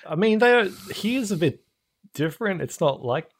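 A man's voice: high-pitched, expressive, normal speed, slightly rough. A man co-hosting a gaming podcast from home, easygoing in casual chat. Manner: easygoing, laid-back replies. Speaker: podcast co-host.

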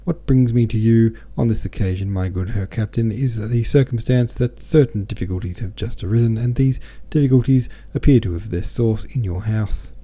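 A man voicing a stiff, pompous businessman suitor who speaks coldly and formally in a high sing-song. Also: steady tone, normal speed, mellow, breathy edge. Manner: formal and cold.

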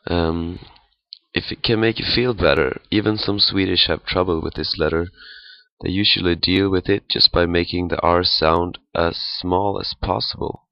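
A man giving a pronunciation lesson, speaking haltingly with many fillers and repeating sounds to demonstrate. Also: low voice, steady tone, creaky, no echo, lo-fi sound. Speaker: language teacher.

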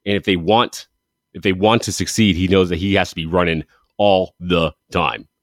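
A man hosts a casual football show, his voice sitting a little low. He talks with eager enthusiasm, rambling and correcting himself as he goes. The sound is dry and close, with no room around it. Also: steady tone, moderate pace, dry recording. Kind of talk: casual sports commentary monologue.

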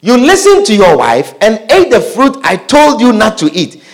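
A man's voice: high voice, huge pitch swings, normal speed. A man preaching a sermon, reading scripture aloud, repeating phrases and asking the congregation questions.

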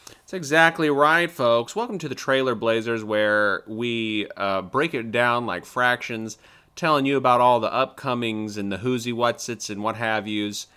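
A man's voice: medium pitch, a little slow, bright, forceful tone, smooth. A man co-hosting a podcast in casual chat, laid-back and heavy with fillers. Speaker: podcast co-host.

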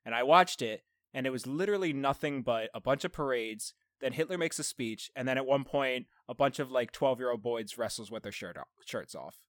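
A man's voice: mid-range voice, brisk, hardly any pauses, dry recording, studio quality. A young man co-hosting a casual movie podcast, telling stories with a joking, laughing manner. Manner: laughing, jokey storytelling. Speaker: podcast co-host.

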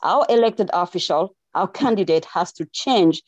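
Woman, French accent, from Senegal, community organizer, earnest, repeats phrases, warm mellow tone. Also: fairly low pitch, moderate pace, no room sound, highs cut off. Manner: earnest, repeats phrases, laughs between thanks.

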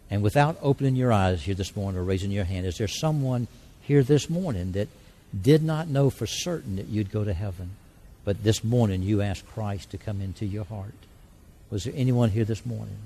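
Guy preaching in church, warm mellow voice, folksy and earnest, tells stories. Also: on the low side. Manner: earnest, folksy storytelling, prayerful. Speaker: church speaker. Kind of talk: sermon with altar call and mission stories. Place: church service.

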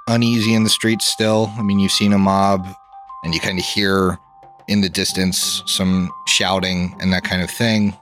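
A man's voice: deep voice, a bit bright. A man narrating as game master for a tabletop role-playing podcast, in a laid-back way with frequent chuckles.

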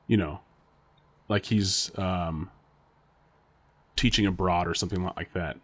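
Lower-voiced man rambling and laughing. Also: steady tone, unhurried, fairly bright tone. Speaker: podcast co-host. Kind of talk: casual chat.

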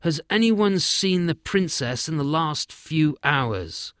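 A man voicing a stern, hot-tempered king in a storybook reading, raising his voice high and loud. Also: expressive, no room sound, clean studio sound. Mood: commanding. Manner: loud and commanding, quick to anger.

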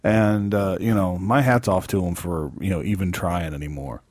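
A man's voice: sits low, normal speed, a little mellow. A man co-hosting a casual podcast chat, rambling with hesitant fillers and laughing asides. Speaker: podcast co-host.

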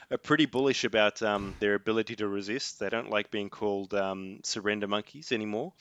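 A man's voice: fairly low pitch, brisk, fairly bright tone, smooth. A man co-hosting a podcast in casual sports chat, hesitant and searching for words. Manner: hesitant, many fillers and restarts. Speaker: podcast co-host.

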